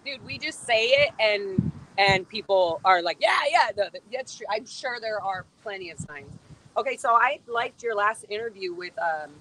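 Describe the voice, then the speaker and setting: A woman's voice: mid-range voice, expressive, normal speed, a bit bright, slight background noise, poor audio. A woman live-streaming outdoors on a phone, chatty and playful, giggling often. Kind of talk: casual live-stream chat. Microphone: phone on a selfie stick.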